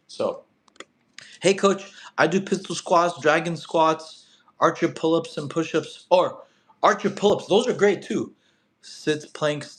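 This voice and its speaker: A young man chatting loosely on a fitness livestream, his voice sitting a bit higher than most. He tells stories with animated energy and peppers them with bro and dude. The sound bounces around an echoey room. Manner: animated storyteller, slangy, says bro and dude. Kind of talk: casual livestream chat answering viewer questions.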